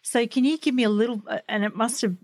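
A woman's voice: fairly high pitch, steady tone, fast, darkish tone, no echo. A woman hosting an interview, asking questions in an encouraging manner. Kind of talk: casual interview talk.

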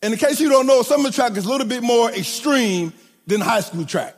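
High-voiced man preaching in an echoing hall. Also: lively intonation, a little fast, faint music behind. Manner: sing-song preaching cadence, stutters and repeats words. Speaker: preacher and track coach. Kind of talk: sermon. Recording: long hall reverb.

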